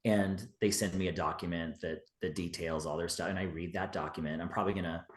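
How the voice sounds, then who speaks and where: A man speaking as a podcast guest in relaxed, rambling conversation, full of "you know" fillers. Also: low-pitched, fairly quick. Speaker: guest, witchcraft teacher. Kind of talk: casual interview talk. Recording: roomy echo.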